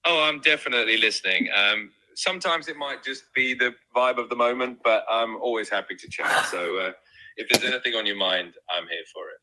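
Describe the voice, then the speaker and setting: A male-sounding AI voice assistant with a British received pronunciation accent, chatting in a smooth, agreeable, reassuring way. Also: medium pitch, a little fast, bright, forceful tone, low-quality recording. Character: upbeat male AI chat assistant. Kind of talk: conversational AI chat.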